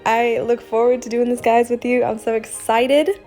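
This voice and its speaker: A woman's voice: a little high, moderate pace, faint music behind. Giggly woman narrating her drawing. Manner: giggly and animated, laughs often. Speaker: art vlogger. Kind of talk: casual narration over drawing.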